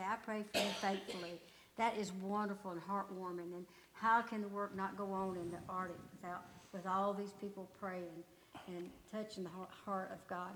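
A woman's voice: medium pitch, a bit bright, slight background noise, rough recording. A woman missionary addressing a church congregation with earnest, grateful thanks.

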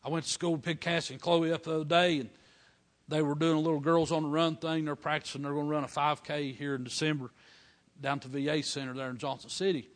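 A man's voice: a little high, flat delivery. Fervent preacher man. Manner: fervent, building to loud praise shouts; folksy dialect, drawn-out emphasis. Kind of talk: storytelling sermon.

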